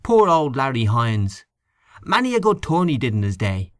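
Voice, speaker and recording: A man's voice: medium pitch, sing-song, moderate pace, no room sound, clean studio sound, pitched above the performer's own voice, lightly acted. A man voicing a grumbling, gossipy middle-aged canvasser in a storybook reading, scornful and snuffling, with a conspiratorial manner.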